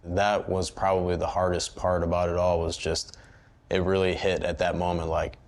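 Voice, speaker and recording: A young man in his twenties, a baseball player, speaking haltingly with many fillers in a documentary interview. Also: low-pitched, level tone.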